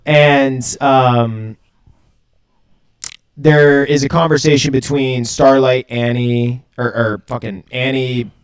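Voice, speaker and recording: A man's voice: medium pitch, little pitch movement, slow pace, clear, resonant tone. Laid-back swearing guy recapping a show. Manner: loose, laughing, heavy swearing. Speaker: podcast co-host. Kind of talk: casual chat recapping a TV episode.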